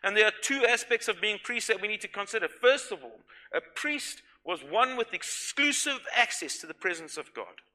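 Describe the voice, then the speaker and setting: Bright-voiced male preacher, emphatic. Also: high voice, sing-song, moderate pace, few pauses. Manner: emphatic, drops to soft intimate tones. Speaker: pastor. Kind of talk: sermon.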